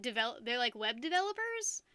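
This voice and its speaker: A young woman from the United States chats with her stream viewers, laughing easily and tripping over her own sentences. Her voice sits high and sounds bright and sharp. The sound is dry and close, with no room echo. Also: sing-song, moderate pace. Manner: chatty, giggly, restarts sentences often. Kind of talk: casual live-stream chat.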